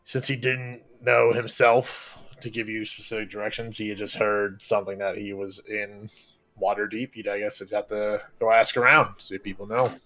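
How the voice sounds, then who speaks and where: A man's voice: lowish voice, level tone, moderate pace, bright, forceful tone. A man narrating as game master of a tabletop game, in a casual way with many fillers and restarts.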